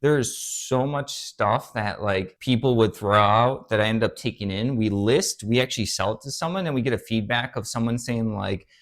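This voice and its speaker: A man's voice: mid-range voice, normal speed, hardly any pauses. A young man hosting his own channel, talking casually and earnestly, rambling with fillers and restarts as he explains his views. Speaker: eBay reseller, channel host. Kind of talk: casual talk to camera while drawing on a board.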